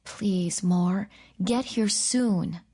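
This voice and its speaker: A woman's voice: medium pitch, very slow, dark tone, breathy edge. Woman doing a young nervous woman, raised voice. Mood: anxious. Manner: anxious, urgent.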